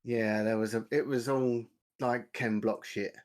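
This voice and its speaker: A man's voice: lowish voice, steady tone, unhurried, darkish tone. A man, grumbling bluntly and swearing freely in casual podcast chat. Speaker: podcast co-host.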